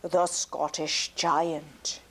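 A woman's voice: low voice, flat delivery, extremely slow. A woman telling a folk tale aloud to a child, slipping into whispers for suspense. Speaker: storyteller.

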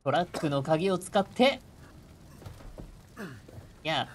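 Excitable woman streamer reacting to gameplay. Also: deep voice, normal speed, a little hiss or hum. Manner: excitable reactions, switching between Japanese and English. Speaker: game streamer. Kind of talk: live gameplay commentary.

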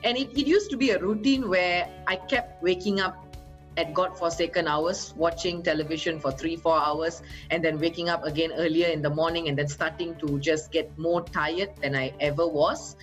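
A woman trainer with a lowish voice delivers a motivational talk in an upbeat, coaxing way. She keeps turning to her listeners with rhetorical questions, while faint music plays behind her. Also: steady tone, normal speed, poor audio.

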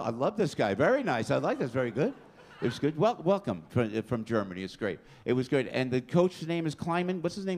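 Brash and loud, a high-voiced male comic in his 60s works the crowd as a comedy show host, chatting with the audience. He's on a packed comedy club stage, and the live recording picks up crowd noise.

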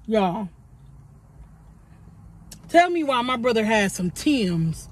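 A young adult woman vlogger telling a story while eating on camera, animated and swearing freely. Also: medium pitch, slow, pauses often, slight background noise.

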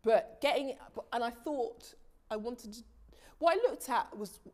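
A woman, a TV director, telling animated stories about her career as an interview guest, often restarting her sentences and laughing easily. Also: a little high, unhurried. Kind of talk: casual interview storytelling.

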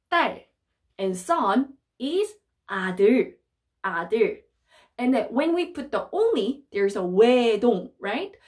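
A young woman with a Korean accent teaches vocabulary in English, her slightly high voice rising and falling in a very animated way. She repeats each word several times and slows down to drill it. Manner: slow repetitive drilling of words. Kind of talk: vocabulary lesson.

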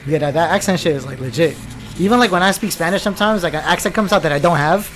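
A man's voice: fairly high pitch, fast talker, a bit bright, slight background noise. A man playing a horror game on stream, joking and cursing with a friend in laid-back commentary. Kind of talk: casual banter while gaming.

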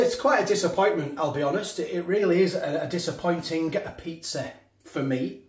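Middle-aged man, casual food reviewer, rambles, talks while eating, roomy echo. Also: high voice. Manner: rambling, repeats himself, talks with mouth full. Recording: echoey room.

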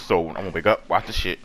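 A man giving excitable, profanity-laced let's play commentary, talking back to the enemies he fights. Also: low voice, brisk. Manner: excitable, swears a lot, talks to enemies. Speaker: gamer. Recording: background music.

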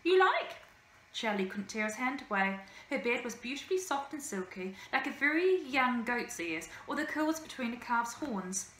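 Expressive woman reading a children's book. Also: a little high, moderate pace, few pauses, a little hiss or hum. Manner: lively, expressive storytelling. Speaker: teacher. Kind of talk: reading a children's novel aloud. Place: school room. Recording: echoey room, faint ambience.

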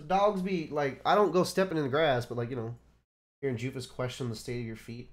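A man from Texas with a Texas accent, chatting casually with friends on a stream, animated and swearing freely with a Southern drawl. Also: mid-range voice, fairly quick.

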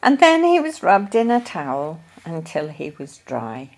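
A woman reading a children's story aloud in a gentle, deliberate storytelling manner. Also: low voice, huge pitch swings. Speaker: storybook reader.

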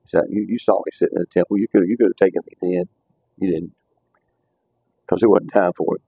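A man's voice: low voice, steady tone, quick pace, vocal fry, pauses often, mellow, slightly rough, dry recording. A man teaching a casual Bible class, talking conversationally and repeating words as he restarts his sentences.

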